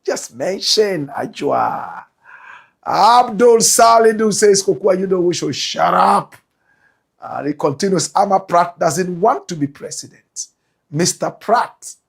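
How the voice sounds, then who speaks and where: A man with a Ghanaian English accent hosting a talk show, reading out viewer comments and answering them, swinging between loud outbursts and low muttered asides. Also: unhurried, gravelly, slightly rough. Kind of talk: animated commentary.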